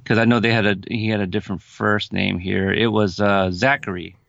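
Hesitant low-voiced man, dull dry sound. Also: fairly even intonation, fairly quick, creaky, fairly bright tone, no room sound. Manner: hesitant, many restarts. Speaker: podcast co-host. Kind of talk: casual film chat.

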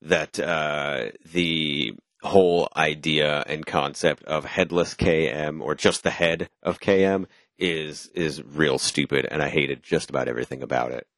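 A man with a very low voice leads a casual movie review, giving blunt, sardonic takes. The sound is dry and close, with no room echo. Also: steady tone, measured pace, fairly bright tone.

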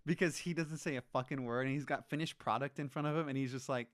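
A man in casual movie chat, animated and ranting, swearing freely. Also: medium pitch, fast.

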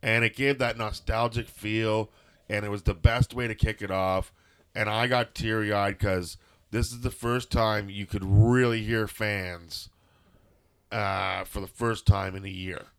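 Guy cohosting a podcast, kinda low voice, rambly and sarcastic. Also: fairly even intonation, unhurried, fairly bright tone, clean tone. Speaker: podcast co-host. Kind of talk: casual wrestling recap chat.

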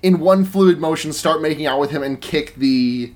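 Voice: medium pitch, moderate pace, darkish tone. A podcast co-host chatting casually about a movie, joking and swearing. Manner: joking, swears, drops into silly impressions. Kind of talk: casual movie recap chat.

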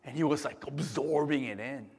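A man preaching a sermon, telling stories with lots of "right?" tag questions and swinging between loud bursts and hushed murmurs. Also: medium pitch, moderate pace, breathy edge. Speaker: pastor.

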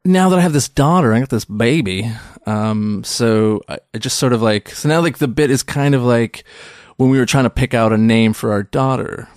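A man in his thirties talks as a comedian guest on a podcast, telling stories in an animated way and slipping into voices for the people he quotes. His voice is mid-pitched and recorded close and dry, with no room sound. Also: normal speed, dry recording. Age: 30s. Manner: animated storyteller who acts out quoted voices. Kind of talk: casual podcast interview.

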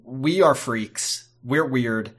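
A man in casual podcast chat, rambling and swearing freely as he recaps an episode. His voice sits at an ordinary middle pitch, and he often breaks into goofy asides. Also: drawn-out words, slightly rough. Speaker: podcast co-host.

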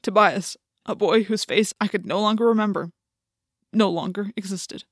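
A woman's voice: mid-range voice, fairly even intonation, normal speed, no room sound, studio quality. A woman narrating an audiobook in the first person, telling the story with intense, dramatic delivery.

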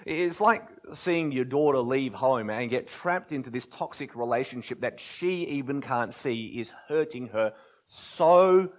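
Man, sermon, impassioned, lively intonation, hushed then loud. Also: a little high. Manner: impassioned, swings from loud pleading to hushed near-whispers. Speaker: pastor.

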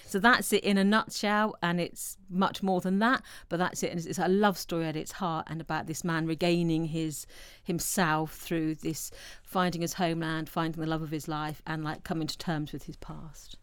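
Woman, film podcast co-host, smooth clear voice, dry close sound, lowish pitch, animated retelling. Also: moderate pace, hardly any pauses, no room sound. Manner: animated storytelling, acts out quotes. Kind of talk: casual film discussion.

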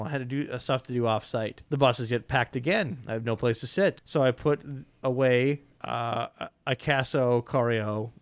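A man narrating a first-person story in a wry, conversational way, with frequent uh fillers and small stumbles over words. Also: mid-range voice.

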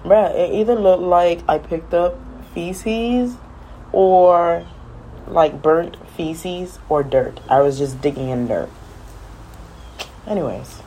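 A woman's voice: fairly low pitch, takes it slowly, dark tone, slight background noise. A woman chatting casually on a vlog, telling a rambling, exasperated story. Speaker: vlogger. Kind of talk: casual chat.

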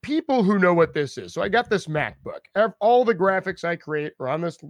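Streamer guest, male, slightly high voice, loose and laughing, dry recording. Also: lively intonation, fairly quick, no echo. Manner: laughs often, repeats words, puts on voices for viewers' names. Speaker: streamer being interviewed. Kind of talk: casual chat.

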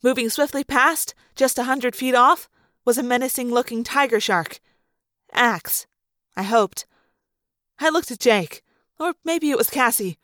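High-voiced woman narrating an audiobook. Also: a little slow, a bit bright, dry recording. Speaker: audiobook reader. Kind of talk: first-person audiobook narration.

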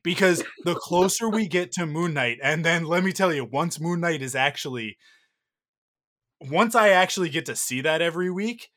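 A man's voice: on the high side, moderate pace, a bit bright. A man in his thirties co-hosting a casual podcast chat, gushing and rambling with playful exaggeration. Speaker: podcast co-host.

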